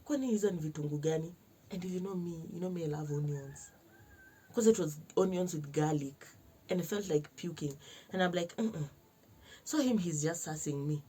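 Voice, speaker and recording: A young Kenyan woman telling a personal story to camera in a lively vlog, switching between slangy Swahili and English and acting out other people's lines. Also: fairly low pitch, moderate pace, slightly rough. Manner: animated, mixes slang-heavy Swahili with English. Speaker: vlogger.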